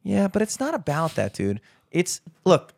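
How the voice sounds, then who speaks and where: A man's voice: sits high, wildly swooping pitch, normal speed, gravelly, darkish tone, breathy edge, no room sound. A young man hosting a podcast, chatting casually in a rambling, profane, ranting way. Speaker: podcast host. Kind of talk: casual chat.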